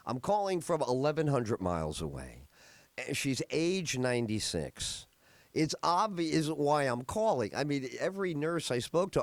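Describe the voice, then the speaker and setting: A man's voice: a little high, big pitch swings, normal speed, no room sound. A middle-aged man hosting a podcast, telling rambling stories in a casual chat with many fillers. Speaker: podcast host.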